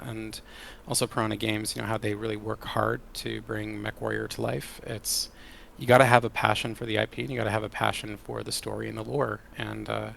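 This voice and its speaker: Gravelly low-voiced man, enthusiastic. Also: slight background noise. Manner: enthusiastic and animated. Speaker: game creative director. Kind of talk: casual interview answers.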